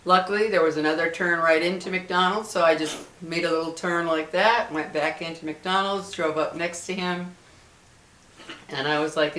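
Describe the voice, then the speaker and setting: A woman's voice: lowish voice, fairly even intonation, normal speed, a bit bright. A woman in her fifties, talking casually to her viewers and telling a story in a chatty, emotional way, with many fillers and restarts. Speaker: vlogger. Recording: echoey room.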